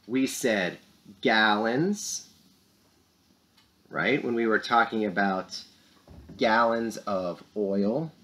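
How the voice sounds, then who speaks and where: A young man hosting a school morning show, talking to young students in an upbeat, animated way. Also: fairly low pitch, extremely slow, long pauses. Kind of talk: lively kids' morning announcements.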